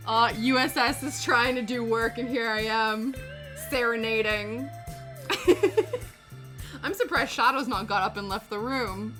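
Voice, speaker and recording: Female streamer, casual chatter, unhurried delivery, self-deprecating humor. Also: fairly high pitch, bright, forceful tone, soft background music. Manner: chatty, self-mocking, giggly. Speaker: livestream host. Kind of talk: casual livestream chat while crafting.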